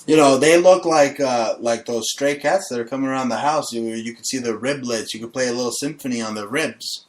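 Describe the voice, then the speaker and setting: A brash male host with a mid-pitched voice, riffing crudely and mockingly through casual chat on his own show. He swears freely and jumps from joke to joke. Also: fairly quick.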